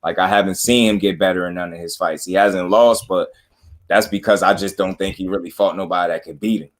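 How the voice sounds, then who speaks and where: A man's voice: low voice, fairly even intonation, brisk. A man hosting a casual panel chat, talking boxing in a slangy, opinionated way. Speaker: boxing show host.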